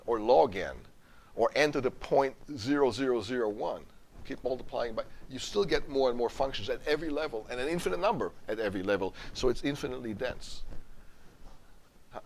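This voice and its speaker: A man's voice: mid-range voice, vocal fry, a little hiss or hum. Middle-aged male professor, emphatic lecturer who questions his students and stumbles over repeated words. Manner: emphatic, repeats and restarts words, quizzes the class. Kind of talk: university lecture. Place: lecture hall.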